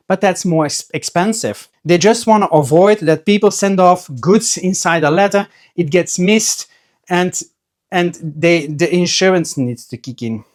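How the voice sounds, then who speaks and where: This trading card seller's voice sits high and unhurried as he hosts a casual to-camera video. Chatty and story-driven, he performs quoted voices and often starts his sentences over.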